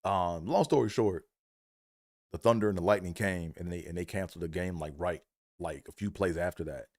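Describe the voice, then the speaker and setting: Man with a very deep voice, laid-back profane comedic storyteller, dry sound. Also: fairly quick, a little mellow, no room sound. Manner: casual, profane, slangy.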